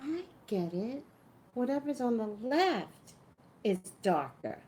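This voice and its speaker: A woman's voice: a little high, big pitch swings, slow pace, dark tone, slight background noise. A woman hosting a casual live stream from home on a phone, chatting, laughing often and greeting viewers by name. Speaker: livestream host. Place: indoors at home, dim lighting. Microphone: phone livestream.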